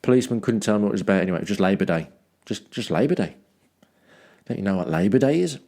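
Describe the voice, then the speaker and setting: A man's voice: on the low side, lively intonation, racing, dark tone. A man from Dudley reading his travel journal aloud as a podcast host, with wry self-mocking asides and rambling ums and restarts. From Dudley, England.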